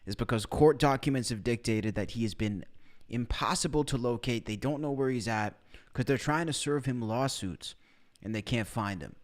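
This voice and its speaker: A man's voice: mid-range voice, moderate pace. Male livestream host, direct recap to viewers. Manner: explains to the chat directly. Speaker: podcast host. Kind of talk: livestream commentary.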